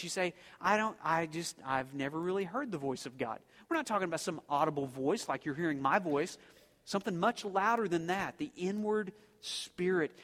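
High-voiced man preaching in a reverberant hall. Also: a bit bright. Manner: emphatic preaching with rhetorical questions. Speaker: pastor. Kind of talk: sermon.

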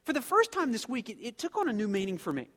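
With an extremely high, slightly bright voice, huge pitch swings, and a fast delivery, a pastor preaches an emphatic sermon full of rhetorical questions. The recording has a long hall reverb.

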